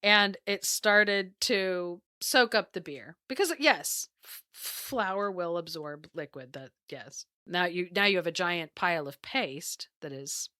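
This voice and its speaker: A woman co-hosting a podcast, retelling an old tale with animated energy and frequent laughter. Her voice is bright and crisp. It sits close and dry on the mic. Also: lowish voice, takes it slowly, few pauses, dry recording. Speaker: podcast co-host. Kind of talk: casual storytelling chat.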